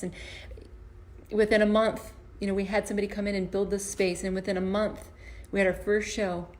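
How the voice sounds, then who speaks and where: A woman's voice: medium pitch, flat delivery, fairly quick, darkish tone. A woman, an empowerment coach and comedian, giving a motivational talk to camera from her home basement, earnest and storytelling, often restarting and repeating words. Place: home basement performance space.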